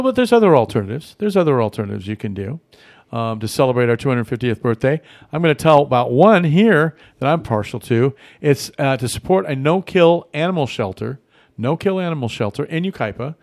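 A man's voice: medium pitch, expressive, brisk, darkish tone, no room sound, studio quality. Chatty man hosting local radio. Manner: rambling, friendly, many fillers and restarts. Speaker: radio host. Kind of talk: casual talk radio chat. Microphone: studio mic.

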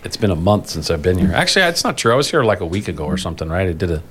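A man's voice: low voice, big pitch swings, rapid-fire, fairly bright tone, a little hiss or hum. A man hosting a union podcast in casual chat, rambling with restarts and self-corrections and laughing easily.

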